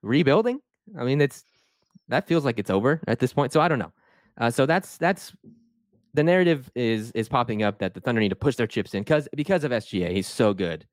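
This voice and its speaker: A man's voice: medium pitch, lively intonation, fairly quick, no room sound, clean studio sound. A man hosting a casual sports podcast, talking animatedly and restarting sentences as he sets up topics. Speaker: podcast host.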